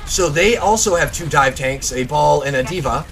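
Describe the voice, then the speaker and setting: A male host breaking down gameplay in loose, chatty commentary, often restarting a thought mid-sentence. His voice sits slightly high and moves lively up and down as he talks. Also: moderate pace. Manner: chatty, explains with stops and restarts. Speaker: host, game reviewer. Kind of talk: casual gameplay review commentary.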